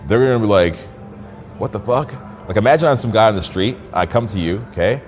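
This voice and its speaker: A social skills coach with a lowish voice talks fast during a live in-person coaching demonstration. He's casual and swears, often acting out sample lines of dialogue.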